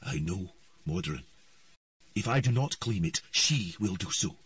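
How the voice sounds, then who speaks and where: A man's voice: sits low, expressive, unhurried, slightly rough, dry recording, recorded from a distance, full character voice. A man voicing a humbled, weather-beaten island earl who speaks stammering and deferential.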